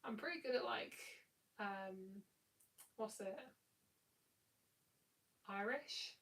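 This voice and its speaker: A woman's voice: mid-range voice, very slow, a bit bright, recorded from a distance, low-quality recording. A tired woman giving a live tarot reading in a chatty, rambling, affectionate way. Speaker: tarot reader.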